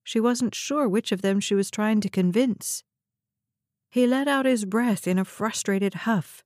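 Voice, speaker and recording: A woman narrating a novel in a steady, even storytelling read, close to the mic. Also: mid-range voice, unhurried, dry recording. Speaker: audiobook narrator. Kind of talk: scripted narration.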